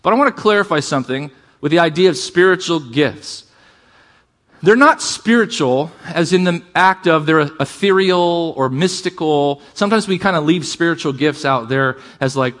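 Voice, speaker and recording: A man preaching a sermon to a congregation, calling for amens and shifting between fast bursts and slow, quiet emphasis. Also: on the high side. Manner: energetic preaching, calls for amens, varies pace and volume. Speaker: pastor.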